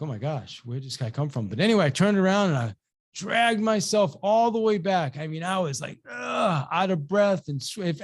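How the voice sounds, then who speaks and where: A man hosting a webinar, telling a personal story with energy, acting out both sides of the dialogue, often repeating words and restarting. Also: fairly high pitch. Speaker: webinar host and real estate coach.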